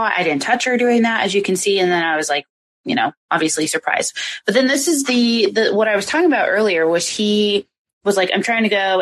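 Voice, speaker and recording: A woman's voice: on the low side, poor audio. A woman hosting a podcast, chatting casually and recounting clips with lots of filler words. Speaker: podcast host. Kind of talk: casual chat.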